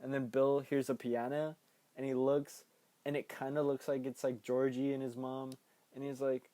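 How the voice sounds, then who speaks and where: A man's voice: medium pitch, level tone, moderate pace, warm tone, dry recording. A young man hosting a podcast, casually retelling a film's plot with a playful, laughing manner and sudden jumps into quoted voices. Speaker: podcast host recapping a film. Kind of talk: casual movie recap.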